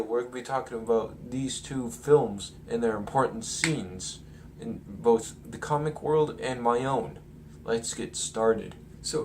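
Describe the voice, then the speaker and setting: A man chatting casually through a movie analysis, rambling with lots of fillers and chuckles. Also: mid-range voice. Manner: rambling, filler-heavy, chuckles while talking. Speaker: film commentary vlogger. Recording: distant mic with faint noise.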